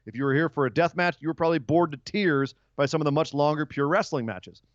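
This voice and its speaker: A man's voice: on the high side, quick pace, dry recording, dull audio. A man hosting a wrestling podcast, chatting casually and teasing his co-host. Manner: joking, ribbing his co-host.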